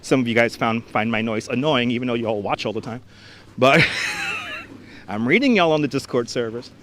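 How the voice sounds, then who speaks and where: A man with an expressive, fairly bright mid-range voice speaks at a normal speed while hosting a relaxed live stream from a frozen beach. Wearing a wireless clip-on mic, he chats, reads out comments from viewers, and says hello to people by name.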